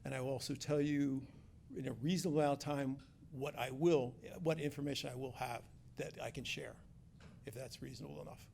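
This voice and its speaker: A man's voice: mid-range voice, fairly even intonation, brisk, vocal fry, a little mellow, a little hiss or hum. A man giving an informal community update as director of construction projects, joking and chatty, often restarting his sentences. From Philadelphia area.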